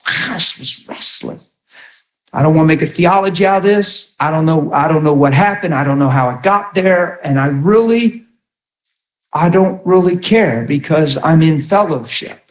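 A man's voice: on the high side, normal speed, echoey room. A man preaching a sermon in a conversational, emphatic way, often repeating words as he starts a thought.

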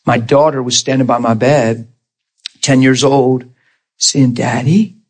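Animated man telling a testimony. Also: medium pitch, unhurried. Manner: animated, laughs often, acts out quoted voices; conversational, rhetorical asides to listeners. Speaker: preacher giving testimony. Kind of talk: testimony sermon storytelling.

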